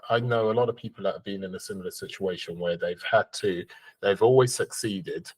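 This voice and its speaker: A man's voice: fairly low pitch, brisk, husky, no echo. A man hosting a podcast, asking follow-up questions and giving brief, supportive acknowledgements. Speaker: podcast host. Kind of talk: interview questions.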